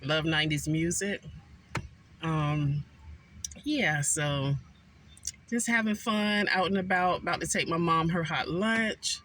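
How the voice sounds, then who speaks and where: A man eating a meal in a car and chatting casually to his viewers, unhurried and full of ums. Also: a little high, pushed and bright, slight background noise, poor audio. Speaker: food vlogger. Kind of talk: casual mukbang chat.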